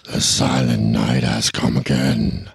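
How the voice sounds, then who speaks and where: A woman voicing a male dwarf possessed by an ancient spirit, speaking very slowly in a deep, pained, gravelly voice. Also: level tone, no echo, clean studio sound, full character voice. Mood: menacing.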